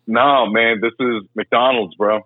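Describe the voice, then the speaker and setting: A man's voice: mid-range voice, takes it slowly. A man doing a bored burger-counter worker on the phone. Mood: dismissive. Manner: flat, dismissive. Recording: tinny phone line, dry.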